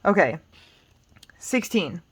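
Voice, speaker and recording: A woman teaching Spanish grammar in a relaxed, explanatory way, patient and reassuring, thinking aloud with small fillers. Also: fairly low pitch, slow pace, husky. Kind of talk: casual explanatory lesson.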